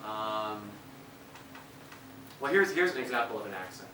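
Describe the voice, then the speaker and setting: A man's voice: on the low side, expressive, a little slow, bright, forceful tone, slight background noise. A man from Minnesota performing as a puppeteer for schoolchildren, talking playfully and asking the kids questions. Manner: playful, asks the children questions. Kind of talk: school performance talk to children. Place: elementary school room. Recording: echoey room, distant mic, guitar behind.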